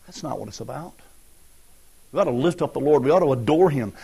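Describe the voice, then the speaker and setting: A man's voice: medium pitch, animated, fairly quick, gravelly, pauses often, dark tone, slightly rough. A man preaching a folksy, conversational sermon and acting out everyday asides. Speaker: pastor.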